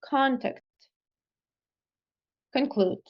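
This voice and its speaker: Slow, careful Ukrainian-accented woman. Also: high voice, muffled recording. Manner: careful, repeats words one by one. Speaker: student. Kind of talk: repeating words in a pronunciation lesson.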